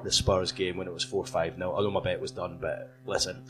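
A man on a live podcast panel, telling a fast, animated story to an audience. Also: low-pitched. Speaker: football reporter on a podcast panel. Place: comedy club stage before a live audience.

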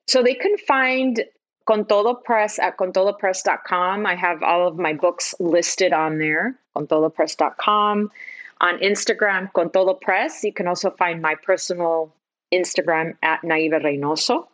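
A woman's voice: lowish voice, steady tone, unhurried, a bit bright. A woman guest on a podcast, a children's book publisher, speaking in a friendly way and repeating key points. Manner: friendly, grateful, repeats herself. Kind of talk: interview.

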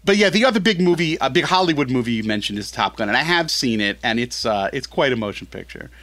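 A man talking as a guest in a casual podcast chat, animated and rambling, often correcting himself mid-sentence. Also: mid-range voice, fast talker, no room sound. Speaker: film critic guest.

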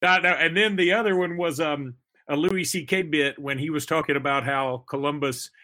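Man, young adult, podcast host, bright voice, rambling, jokey, casual sports chat. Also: a little high, steady tone, moderate pace. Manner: rambling, jokey, trails off into fillers.

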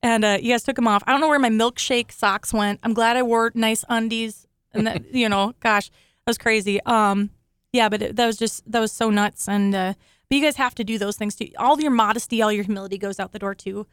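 A woman's voice: on the high side, fairly even intonation, brisk, a bit bright, clear, resonant tone, dry recording. A woman hosting a studio talk show, chatting emotionally and laughing often as she thanks her rescuers. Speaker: show host, accident survivor. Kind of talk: grateful casual studio talk.

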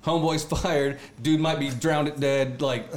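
A young man telling a fishing story in casual chat, animated and slangy, acting out the voices of the people in it. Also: on the high side, unhurried, faint music behind. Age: young adult.

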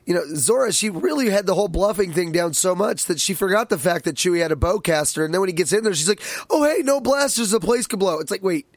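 A man's voice: high voice, fast, few pauses, dry recording. A middle-aged man co-hosting a casual review chat, making wry, sarcastic asides. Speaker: podcast co-host, parent.

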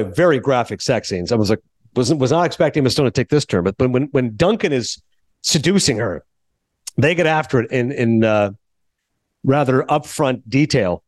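Animated chatty male podcast host. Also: medium pitch, dry recording. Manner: animated, chatty, jumps between thoughts. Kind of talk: casual chat.

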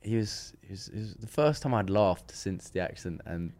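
His voice sits low and moves at a moderate pace as he, a podcast guest, shares a story casually. He's lively, plays out the quoted dialogue, and frequently backs up to begin again.

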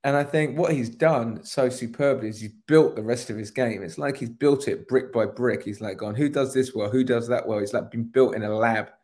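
A man's voice: medium pitch, normal speed, hardly any pauses, darkish tone. Rambling, emphatic podcast co-host man. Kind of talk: casual podcast chat.

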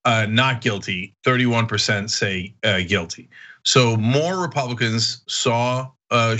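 A man hosting a political debate, emphatic and animated as he pushes back bluntly. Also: medium pitch. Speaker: show host.

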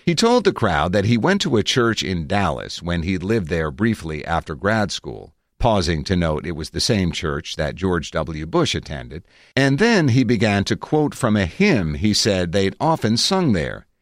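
A man narrating his own article in a reflective, measured way with wry asides, recorded on a close studio mic. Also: deep voice, sing-song, no room sound. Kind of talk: scripted narration.

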